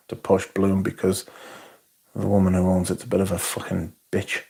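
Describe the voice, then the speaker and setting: A man's voice: medium pitch, big pitch swings, measured pace, a little mellow. A British man hosting a casual livestream, reading chat and answering in a blunt, sarcastic, sweary way.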